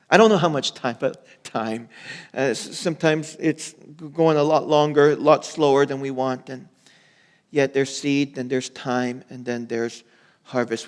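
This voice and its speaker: A man preaching a sermon in a conversational way, with animated asides and playful impressions. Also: on the high side. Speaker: pastor. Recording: long hall reverb.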